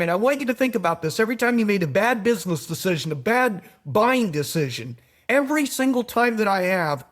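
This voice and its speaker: A middle-aged man speaking as a podcast guest, telling stories in an animated way, swinging from quiet asides to emphatic points. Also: high voice. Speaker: podcast guest, foundation manager. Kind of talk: conversational podcast interview.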